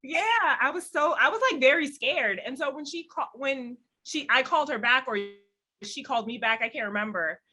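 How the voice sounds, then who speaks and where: A woman's voice: high voice, moderate pace, bright, forceful tone, husky. A woman author on a panel recalling a story in a hesitant, rambling way, with some laughter. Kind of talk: casual panel chat.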